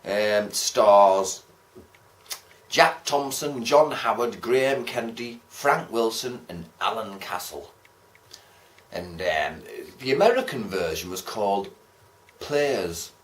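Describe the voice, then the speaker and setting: A man's voice: on the low side, animated, slow pace. A man giving a casual, rambling film review, chatty and swearing casually as he talks. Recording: roomy echo.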